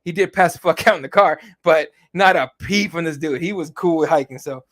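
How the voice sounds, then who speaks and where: This thirtysomething podcast co-host tells sprawling, foul-mouthed stories about his family in a laid-back conversation. His voice is fairly high and fairly bright, and he speaks fairly quickly.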